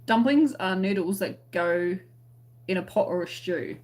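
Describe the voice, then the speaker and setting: An Australian woman with a lowish, slightly mellow voice hosts a crochet live stream at an unhurried pace. She chats casually and reads out viewer comments, staying friendly and laughing often.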